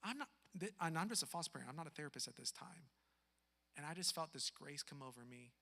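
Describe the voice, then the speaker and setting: A man who is a foster parent, telling a personal story in an earnest, emphatic way that drops to a hush for sad parts. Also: on the high side, lively intonation, fast, vocal fry, in a large hall.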